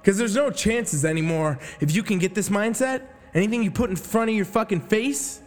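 A man's voice: high-pitched, brisk. A man giving an intense, profane motivational rant about competing with yourself. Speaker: fitness motivational speaker. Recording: long reverb with faint music behind.

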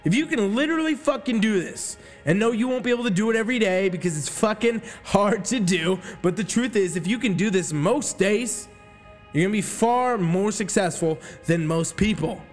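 Male motivational speaker, high-pitched and emphatic, swears hard, reverberant space with faint music under. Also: expressive, normal speed. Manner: profane, intense and emphatic. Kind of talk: motivational rant.

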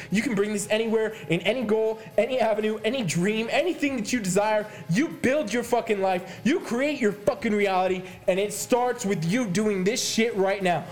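Fired-up swearing male fitness coach. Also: high-pitched. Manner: fired-up, swearing, hammering repetition. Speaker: health and fitness coach, podcast host. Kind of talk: intense motivational podcast monologue.

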